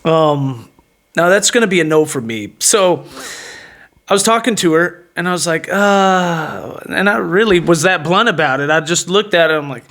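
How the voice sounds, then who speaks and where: A man's voice: high voice, normal speed, bright, forceful tone. Brash mocking man telling a bar story. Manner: brash, mocking, laughs at his own story, repeats "like" and "you know what I mean". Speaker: podcast host. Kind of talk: boastful storytelling monologue.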